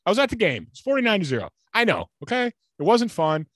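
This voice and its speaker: A man's voice: high-pitched, huge pitch swings, fast talker, fairly bright tone, no room sound, clean studio sound. A man co-hosting a podcast, ranting hotly and cursing, mocking others in quoted voices. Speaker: podcast co-host. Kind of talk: ranting casual chat.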